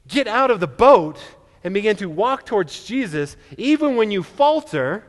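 Brief: earnest male preacher, stammered restarts, high-set voice, long reverb of a large hall. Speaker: pastor. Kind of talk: sermon.

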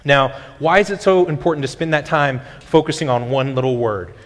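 A man's voice: medium pitch, brisk. A male pastor, preaching a sermon in a conversational teaching way, often restarting his sentences. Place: church sanctuary. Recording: long hall reverb.

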